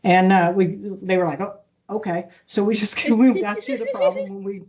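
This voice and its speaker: A middle-aged woman speaking as an interview guest, telling stories in a calm, measured way with frequent restarts. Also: medium pitch, lo-fi sound, a crowd in the background. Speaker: podcast guest, aviation maintenance leader. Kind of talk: conversational interview.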